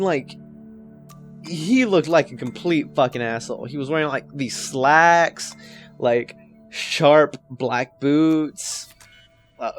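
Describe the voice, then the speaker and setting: A man's voice: on the high side, fairly bright tone. A man in his twenties telling stand-up stories in a casual, rambling way, often swearing. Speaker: comedian. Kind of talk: stand-up storytelling.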